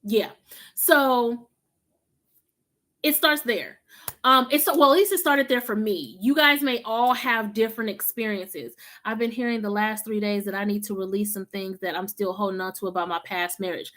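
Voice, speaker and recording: A woman's voice: medium pitch, moderate pace, fairly bright tone. A woman from Los Angeles with a Southern country drawl, chatting casually to viewers on a spiritual live stream, slangy and informal with frequent laughs. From Los Angeles, USA.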